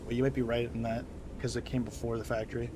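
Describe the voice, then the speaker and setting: A man at a middle pitch chatting loosely while he plays, trailing off into fillers and restarts as he talks to his viewers. Steady noise sits behind his voice. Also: fast talker. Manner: rambling, filler-heavy, talks to chat. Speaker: streamer playing a game. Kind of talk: casual gameplay commentary. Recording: noisy background.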